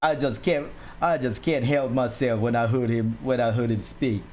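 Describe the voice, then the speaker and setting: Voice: mid-range voice, fairly even intonation, normal speed, a little mellow, slight background noise. A drawing streamer in casual livestream chat, rambling with frequent laughs and restarts while answering chat questions.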